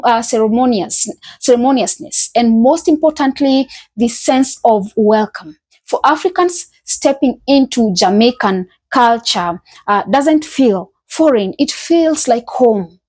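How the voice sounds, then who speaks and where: A woman's voice: a little high, darkish tone, breathy edge. A woman hosting a reaction channel, giving semi-scripted commentary with frequent fillers and restarts.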